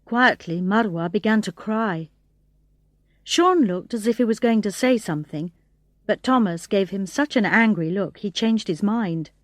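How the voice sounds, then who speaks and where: A woman reading a graded English storybook aloud in a slow, clear narration, voicing the characters' lines expressively. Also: mid-range voice, no room sound. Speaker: audiobook reader.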